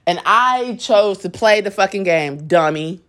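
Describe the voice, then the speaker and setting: A woman's voice: mid-range voice, lively intonation, a little slow, a bit bright. A young adult woman telling a personal story to her viewers in a blunt, profane, candid way, often acting out what people said. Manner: dramatic storyteller, acts out quotes. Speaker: vlogger.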